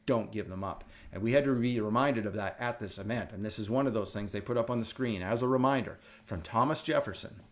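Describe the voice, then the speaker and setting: A middle-aged man from the United States hosting a casual wellness talk, telling stories with animated energy and frequent laughter. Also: medium pitch. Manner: animated storytelling, laughs often. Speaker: wellness show host. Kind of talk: casual chat.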